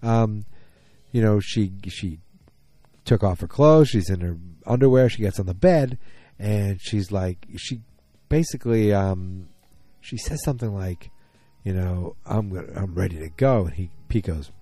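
A man's voice: lowish voice, measured pace, warm tone, dry recording. A man casually recapping a TV episode, rambling with many ums and restarts while retelling scenes and quoting characters. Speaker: TV show recapper.

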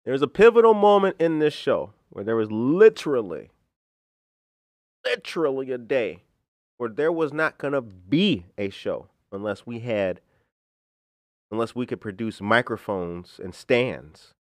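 A man, hosting a daily local news podcast in a friendly, relaxed chat. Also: medium pitch, measured pace, dry recording, studio quality. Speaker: podcast host. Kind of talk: casual chat.

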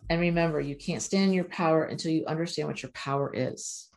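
Lady doing a chatty oracle card reading, kinda low voice, pep-talk vibe, blunt sometimes. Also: fast, creaky, a little mellow. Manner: earnest, encouraging, blunt at times. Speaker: spiritual oracle card reader.

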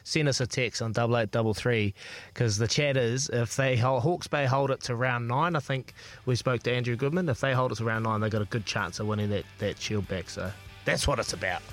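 A man's voice: medium pitch, brisk, soft background music. A man with a New Zealand accent co-hosting breakfast sports radio, teasing and laughing often. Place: radio studio.

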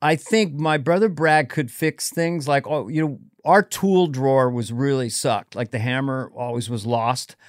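A man chatting as a podcast guest, joking and swapping family stories in an animated way. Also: mid-range voice, dry recording, clean studio sound. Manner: animated, jokey, quick asides. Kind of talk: casual chat.

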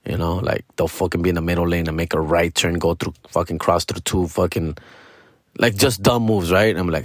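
A man's voice: low voice, steady tone, fairly quick, dry recording, clean studio sound. A middle-aged man venting in a casual, profane monologue, slipping into Spanish slang. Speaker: comedian podcaster.

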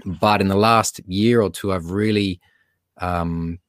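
A man's voice: low voice, fairly even intonation, slow pace, no echo, studio quality. A man with an Australian accent, a school teacher appearing as a guest on a podcast, talking in a friendly, joking way. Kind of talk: podcast interview.

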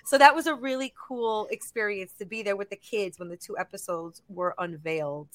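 A woman in her thirties, a voice actor guest chatting in an animated way, laughing and acting out lines as she talks. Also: mid-range voice, a little fast, dry recording. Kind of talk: casual interview chat.

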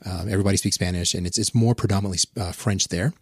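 A man's voice: sits low, steady tone, very fast, breathy edge, dry recording, clean studio sound. A man chatting casually on a podcast, telling rambling, profane anecdotes. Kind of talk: casual chat.

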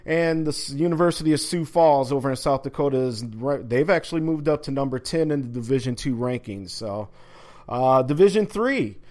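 A man hosts a sports talk show and chats in a laid-back way. He often stalls on fillers and restarts his sentences, and his voice sits at an ordinary pitch for a man. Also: expressive, normal speed, darkish tone. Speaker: sports talk podcast host. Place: home office.

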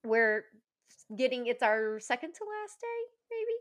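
A woman in her thirties, a podcast guest telling warm, emotional stories in casual chat and laughing often. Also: a little high, sing-song, unhurried.

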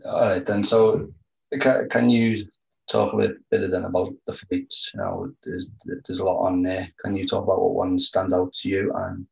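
Deep gravelly interviewer, off-mic. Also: male voice, lo-fi sound. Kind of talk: casual interview. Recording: voice from away from the mic.

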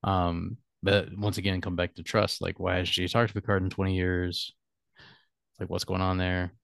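A man's voice: low-pitched, level tone, normal speed, creaky, fairly bright tone, dry recording, clean studio sound. A man hosting a podcast, chatting casually in a rambling, musing way and chuckling often. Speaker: podcast host. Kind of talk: casual chat.

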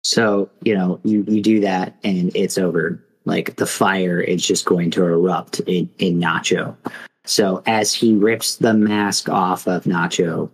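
A man's voice: low voice, fairly even intonation, slow pace, breathy edge, low-quality recording. A man co-hosting a podcast, telling a mock fight in a rambling, casual way full of fillers. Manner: rambling, filler-heavy storytelling. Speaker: podcast co-host.

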